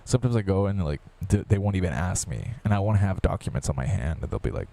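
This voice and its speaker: A man's voice: low voice, big pitch swings, quick pace, creaky, warm tone. A man from the United States talking in a casual, profane, rambling rant full of restarts. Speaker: vlogger.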